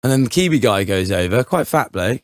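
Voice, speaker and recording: A young man co-hosting a podcast tells a rambling story in casual chat, his medium-pitched voice animated and fairly quick. It's packed with fillers and laughter, and the recording has no room sound.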